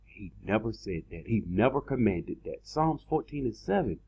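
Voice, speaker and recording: A man preaching a sermon in an online video, emphatic, repeating words and slowing down to stress his points. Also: fairly low pitch, very animated, warm tone, breathy edge, low-quality recording.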